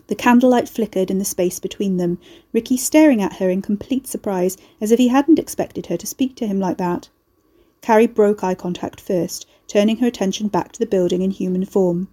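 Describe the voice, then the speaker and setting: A woman reading a dark fantasy story as its narrator, in a steady storytelling manner. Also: medium pitch, normal speed. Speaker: audiobook narrator.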